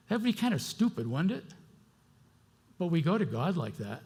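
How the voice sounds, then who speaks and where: A middle-aged male pastor preaching with a gravelly, slightly raised voice. He talks to the congregation in a conversational way. His delivery swings between fervent bursts and hushed asides. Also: on the high side, sing-song, normal speed, pauses often. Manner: impassioned, conversational, swings between loud outbursts and quiet asides. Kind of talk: sermon.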